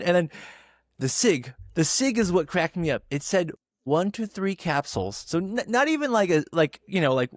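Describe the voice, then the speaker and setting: A man hosting a casual podcast, telling stories with lively acted-out quotes. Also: sits high, normal speed, no room sound, studio quality. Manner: animated storyteller, acts out quotes. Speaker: podcast host.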